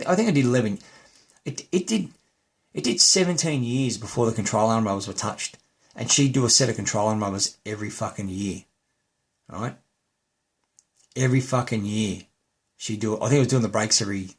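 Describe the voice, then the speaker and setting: Husky Australian man ranting angrily. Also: fairly low pitch. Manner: heated, heavy swearing, frequent restarts. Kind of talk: angry ranting monologue.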